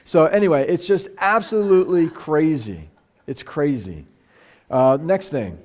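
A middle-aged pastor's slightly high, slightly mellow voice carries a Bible study at a measured pace. Animated and casual, the sermon-style talk has him restarting often and acting out quoted voices.

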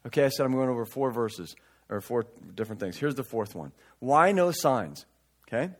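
Preaching briskly in a medium-pitched, expressive voice, this pastor keeps his sermon conversational. He reads scripture, tosses in casual asides, and swings between booming emphasis and quiet observations.

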